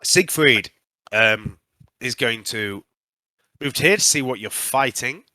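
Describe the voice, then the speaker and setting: Guy running a tabletop game, bright lively voice, lots of ums, dry mic. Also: medium pitch, no echo. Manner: lively narration with frequent "um" pauses. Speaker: game master.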